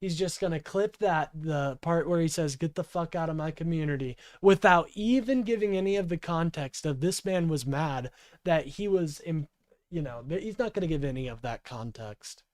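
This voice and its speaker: A man's voice: fairly high pitch, animated, moderate pace, darkish tone, no room sound, clean studio sound. A man in his twenties giving profane, heated reaction commentary on a clip. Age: 20s. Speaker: political streamer.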